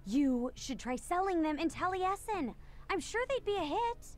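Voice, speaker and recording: A bubbly teenage village girl in a video game, with a very high voice that leaps all over the place. She gushes and teases playfully, with soft game music running behind her. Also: big pitch swings, normal speed. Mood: cheerful. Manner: gushing, playfully teasing. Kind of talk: game voice acting.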